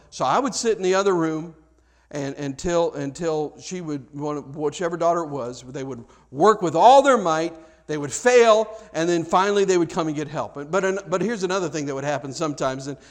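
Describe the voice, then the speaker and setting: A middle-aged man preaching a sermon in a loose, conversational way, breaking off and restarting as he tells family stories. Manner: conversational, self-interrupting, acts out dialogue with big pitch jumps. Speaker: pastor. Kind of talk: sermon with storytelling.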